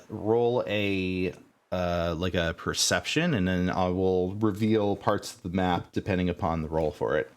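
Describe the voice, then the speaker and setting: A man narrating as game master in a tabletop game, hesitant with many fillers. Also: on the low side.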